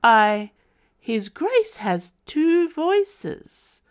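A woman's voice: high voice, big pitch swings, very slow, pitched above the performer's own voice, exaggerated voice. A woman voicing a sentient house that speaks in a creepy, formal, plaintive tone.

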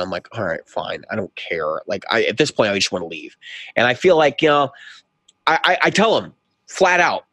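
A man's voice: mid-range voice, fairly bright tone, dry recording. A middle-aged man co-hosting a casual podcast, animatedly acting out both sides of a conversation as he tells a story. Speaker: podcast co-host.

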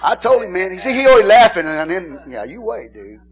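A middle-aged male pastor, preaching in a joking, animated way and calling out to the congregation. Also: high voice, normal speed, creaky. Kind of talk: sermon.

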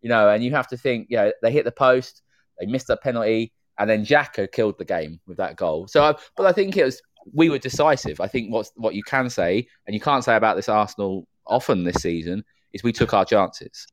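A man's voice: lowish voice, expressive, fairly quick, dry recording. A man calling in to a casual football podcast, giving his opinions fluently with lots of "you know" fillers.

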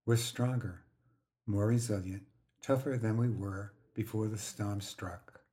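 A man voicing a calm, patient woman friend who speaks softly but firmly. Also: fairly low pitch, measured pace, natural voice. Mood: gentle, firm. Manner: soft but firm.

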